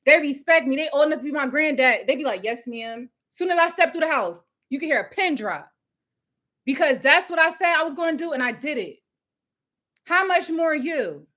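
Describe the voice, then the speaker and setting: Loud, bright-voiced woman preaching hustle. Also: high voice, lively intonation, normal speed. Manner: loud, passionate, preachy, laughs often. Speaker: host of a live coaching stream. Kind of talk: live motivational talk. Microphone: phone or webcam at home with ring light.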